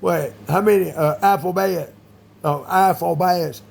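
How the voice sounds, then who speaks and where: A man talking in a rambling monologue, full of fillers, with sudden loud bursts. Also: high voice, measured pace, creaky.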